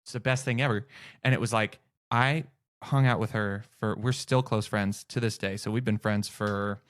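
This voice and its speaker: A man chatting as a podcast guest, an animated storyteller who laughs often. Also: on the low side, moderate pace, clean tone. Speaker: podcast guest, improv comedian. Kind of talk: casual podcast chat.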